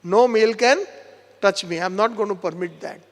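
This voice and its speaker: A sick young wife, voiced by a man in a lecture, speaks weakly and haltingly. She stays stubborn about her chastity despite her fever. His gravelly tone runs under the soft delivery. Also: sits high, in a large hall. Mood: feeble. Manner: feeble, halting voice.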